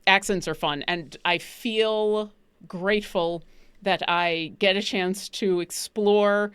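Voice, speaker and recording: A woman from Buffalo, New York, chatting casually on a live stream in an animated, emphatic, rambling way. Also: mid-range voice, slow pace, clear, resonant tone, no echo. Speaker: stream co-host.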